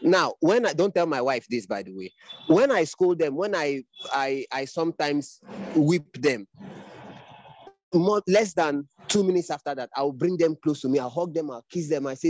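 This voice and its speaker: Man, middle-aged, instructor on a video call; earnest fatherly lecturing, slightly high voice, dry close sound. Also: lively intonation, normal speed, a little mellow, no room sound. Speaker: training instructor. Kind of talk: online class talk.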